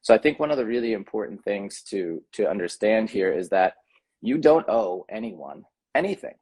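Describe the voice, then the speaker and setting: A man's voice: on the low side, lively intonation, moderate pace, darkish tone, breathy edge. A man speaking as a podcast guest, earnest and thoughtful, with frequent ums and restarts in a casual conversation. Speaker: podcast guest, tantra coach.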